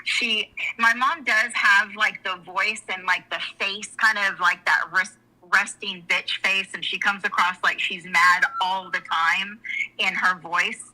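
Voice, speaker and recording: Middle-aged woman, very bright tone; frank, emotional, rambling guest storyteller. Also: mid-range voice, steady tone, unhurried, low-quality recording. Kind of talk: candid personal storytelling in conversation.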